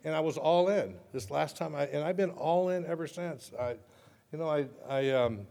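A man's voice: fairly high pitch, moderate pace, gravelly, mellow. A man sharing his recovery story at a meeting, conversational with self-mocking humor. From Southern California. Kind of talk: personal testimony talk. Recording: long reverb in a hall.

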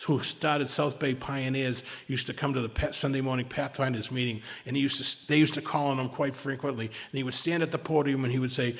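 A man's voice: mid-range voice, steady tone, a little fast, vocal fry, few pauses. A man speaking at a recovery meeting, rambling and repeating himself, with self-mocking humor. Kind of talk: casual sharing talk. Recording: long reverb in a hall.

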